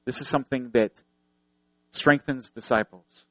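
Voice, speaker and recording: A man's voice: medium pitch, fairly even intonation, unhurried, pushed and bright, no echo, low-quality recording. A man preaching a sermon, earnest, repeating phrases for emphasis and telling stories.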